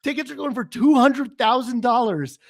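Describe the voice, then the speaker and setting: A man with a fairly high voice co-hosting a political podcast. He talks in an excited, profane rush, piling up one riff after another in loose casual chat. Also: moderate pace, gravelly, no echo. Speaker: podcast co-host.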